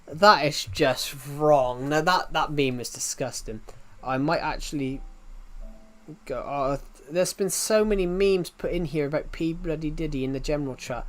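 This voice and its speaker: A man's voice: a little high, normal speed. A man, chatting casually to viewers on a live game stream, rambling and often restarting his sentences.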